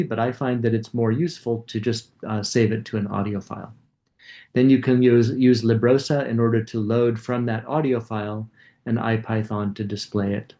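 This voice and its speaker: A man's voice: mid-range voice, mellow. A man giving a coding lecture, casually thinking aloud and demonstrating code as he goes.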